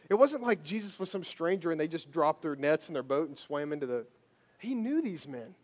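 A man giving a sermon as a pastor, conversational and emphatic, repeating phrases for stress. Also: on the high side.

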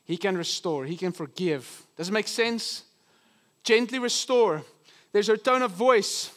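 High-voiced male pastor preaching. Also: fairly bright tone. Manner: earnest, teaching, often slows for emphasis. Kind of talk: sermon. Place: church.

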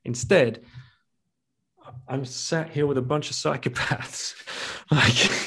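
A man's voice: mid-range voice, animated, measured pace, fairly bright tone, husky. A middle-aged man speaks as an interview guest in a mid-range voice, candid and reflective. He restarts sentences often and slips in laughs as he recounts his past. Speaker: guest, author and podcast host. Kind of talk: candid conversational storytelling.

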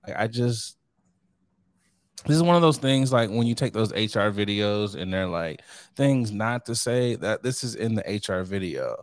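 A man's voice: fairly low pitch, moderate pace, no echo. Joking man co-host, dry close sound. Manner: joking, laughs often, acts out bits. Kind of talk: casual chat.

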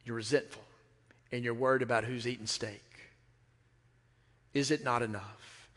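A man's voice: mid-range voice, steady tone, moderate pace, a bit bright. A middle-aged man preaching a sermon, emphatic and repeating phrases, asking the congregation questions. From Mississippi. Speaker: pastor. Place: church sanctuary. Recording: reverberant hall.

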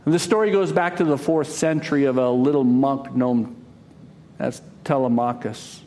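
A man preaching a sermon, telling a story dramatically, rising to loud cries and dropping to a hush. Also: medium pitch, steady tone, moderate pace. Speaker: pastor.

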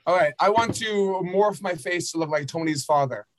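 A man's voice: high-pitched, moderate pace. A man playing a tabletop game, joking and swearing freely in character. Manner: playful, crude in character. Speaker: player. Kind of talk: casual tabletop role-play.

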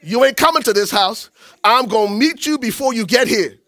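A man's voice: very high-pitched, expressive, moderate pace, sharp tone, dry recording, voice pushed up, heavily acted. A man voicing an indignant grieving woman who sharply scolds a friend for arriving late, in a sassy, confrontational tone.

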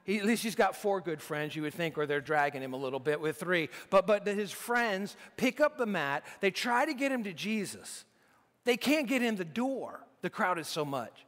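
A man's voice: high-pitched, sing-song, moderate pace, a bit bright, in a large hall. A man preaching a sermon in a conversational way, often restarting his sentences. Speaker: pastor.

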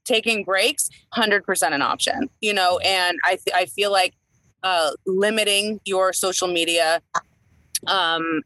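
A woman's voice: fairly low pitch, bright, forceful tone, no echo, rough recording. A woman in her thirties, an entertainer co-hosting a casual chat, talking in a rambling way with many fillers and restarts. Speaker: podcast co-host, entertainer.

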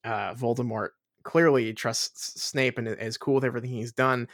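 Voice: medium pitch, fairly even intonation, moderate pace, dry recording, studio quality. A podcast co-host rambling through a book discussion, repeating words and laughing often.

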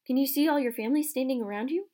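A woman reading aloud, voicing an earnest young boy wizard who talks in a hushed, urgent way. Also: sits high, racing, slight background noise, voice pushed up, lightly acted.

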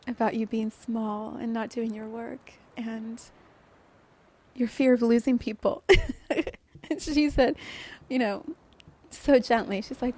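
A woman hosting a podcast, softly and emotionally telling a personal story about a guided meditation. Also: fairly high pitch. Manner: soft, emotional, often laughing through tears. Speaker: podcast host.

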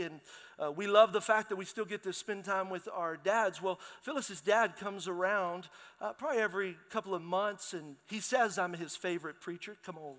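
A middle-aged pastor preaching with a bright, ringing tone and a fairly high voice. He tells lively stories and calls out to the congregation, his voice trailing into the long reverb of a big church hall. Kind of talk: sermon.

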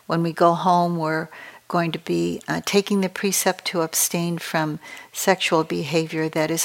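Slow, low-voiced woman meditation teacher. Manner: calm, measured and reflective. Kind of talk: dharma talk at a retreat.

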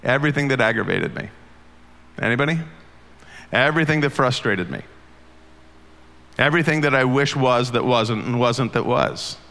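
Gravelly pastor in a reverberant hall. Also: male voice, medium pitch, moderate pace, pauses often, pushed and bright. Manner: earnest, conversational, asks the congregation questions. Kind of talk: sermon.

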